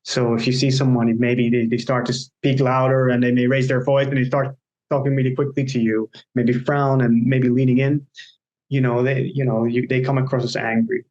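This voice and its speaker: A man's voice: mid-range voice, little pitch movement, moderate pace, a little mellow, highs cut off. A man co-hosting a casual discussion on coaching. He explains ideas by walking through examples and anecdotes. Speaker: agile coach, podcast co-host.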